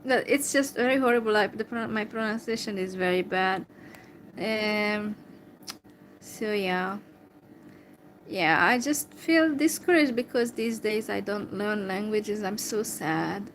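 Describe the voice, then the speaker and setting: A Hungarian woman talking to camera in English with a Hungarian accent, replying to a viewer slowly and hesitantly, with many fillers. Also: mid-range voice, a little hiss or hum, low-quality recording. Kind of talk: casual talk to camera.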